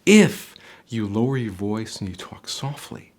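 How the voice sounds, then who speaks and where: A man giving job interview advice to the camera. His pitch rises and falls a lot, and he swings from loud to soft to show his point. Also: a little slow. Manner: animated, varies loudness and softness for demonstration. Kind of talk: instructional video talk to camera. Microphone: on camera, speaking to viewer.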